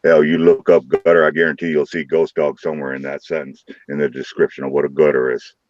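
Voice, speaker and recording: A deep-voiced man hosts a live stream, joking crudely and rowdily with his viewers. The sound is dull and lo-fi, with a dry, close feel and no room echo. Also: level tone, fast talker, darkish tone. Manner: rowdy, crude joking banter with chat. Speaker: livestream host. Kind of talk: casual live-stream chat.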